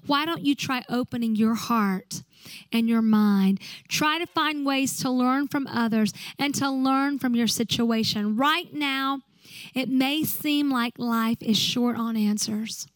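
A woman pastor preaches in a high, clear voice, pressing her listeners with earnest rhetorical questions. She moves from exhortation into heartfelt prayer. The sound is close and dry. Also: fairly bright tone, dry recording, poor audio. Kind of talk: sermon and closing prayer.

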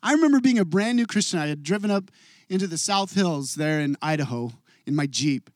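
A man in his forties preaches with a high, light voice, earnest and confessional. He drops to a hush and then lifts his voice again. The sound is close and dry, with no room around it. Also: lively intonation, a little fast, dry recording. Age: 40s. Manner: earnest, confessional, swings from hushed to loud. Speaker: pastor. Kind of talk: sermon.

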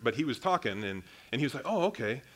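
Young man, pastor, sermon, casual conversational delivery, mid-pitched voice. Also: animated, fast. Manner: casual and conversational, with frequent restarts and "guys".

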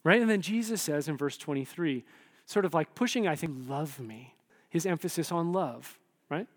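A man preaching a sermon in a conversational, animated way, often checking in with the listeners. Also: on the high side, normal speed, big-room sound. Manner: conversational, animated, frequent "right?" asides. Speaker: pastor.

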